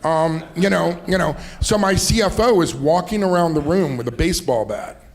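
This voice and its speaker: Speaking at a normal speed in a fairly high voice, a middle-aged man who is an entrepreneur and investor sits as a guest in a fireside chat. He meanders from anecdote to anecdote, often laughing and saying "you know."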